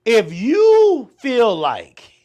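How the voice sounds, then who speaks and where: A man's voice: very high-pitched, wildly swooping pitch, drawn-out words, warm tone, dull audio. A man co-hosting a podcast in casual chat, frank and profane with emphatic delivery. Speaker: podcast co-host.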